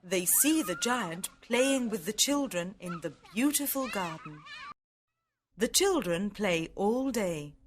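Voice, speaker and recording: A woman reading a simple story aloud with careful, clear delivery for English learners. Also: mid-range voice, lively intonation, takes it slowly, slight background noise.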